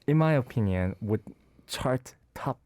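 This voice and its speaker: This radio co-host, a man, presents his song choice in a relaxed way but keeps stumbling, restarting and filling gaps while he hunts for the right words. He has a mid-range, slightly mellow voice with lively intonation and a measured pace. The sound is clean studio audio without any room echo.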